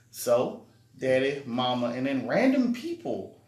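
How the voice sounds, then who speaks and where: A man's voice: mid-range voice, measured pace. Joking man retelling a movie. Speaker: movie review co-host. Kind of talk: casual chat. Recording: echoey room.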